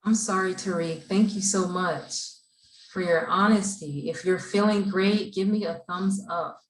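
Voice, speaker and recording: A woman leading a gentle guided breathing and mindfulness exercise for a group of children at a camp. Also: lowish voice. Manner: slow, gentle, soothing guidance. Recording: echoey room, voice from far off.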